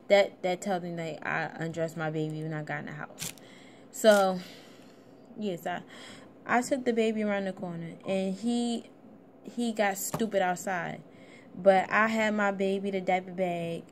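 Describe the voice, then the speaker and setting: A woman's voice: fairly low pitch, slight background noise. A young woman, a little out of breath, telling a casual personal story in a blunt, swearing vlog style. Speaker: vlogger.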